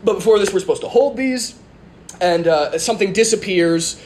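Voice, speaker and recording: A man's voice: high voice, moderate pace, darkish tone. A man telling a funny story in casual chat, rambling with lots of fillers and frequent laughs.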